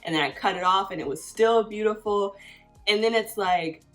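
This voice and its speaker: A woman's voice: medium pitch, moderate pace, fairly bright tone, soft background music. A woman in her thirties telling a personal story on her vlog in a chatty, casual way, filling her phrases with "like". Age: 30s. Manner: chatty, fills every phrase with "like". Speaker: vlogger.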